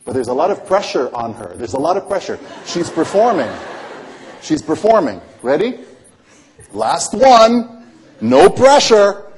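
A man's voice: mid-range voice, warm tone. A man performing close-up magic for a volunteer, with teasing, playful patter and constant coaxing questions. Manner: coaxing, asks many questions.

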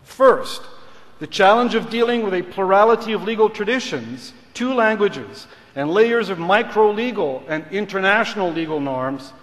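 Middle-aged male dean, formal commencement address, bright higher register, long hall reverb, podium mic. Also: animated. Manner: measured and rhetorical, switching between English and French. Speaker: law school dean giving a graduation address. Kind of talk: formal ceremonial speech. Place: large ceremony hall.

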